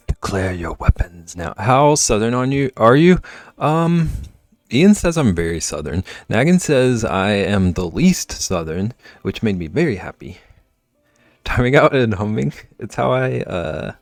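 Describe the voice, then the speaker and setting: A man's voice: lowish voice, sing-song, unhurried, no echo, soft background music. A man livestreaming, chatting casually and teasing his viewers as he reacts to chat from home.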